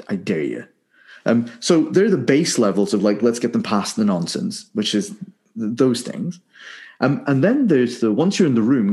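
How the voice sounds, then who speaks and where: A man, a singing coach explaining casually with lots of rhetorical questions. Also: medium pitch. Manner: animated, rhetorical questions, sings vocal warm-up syllables.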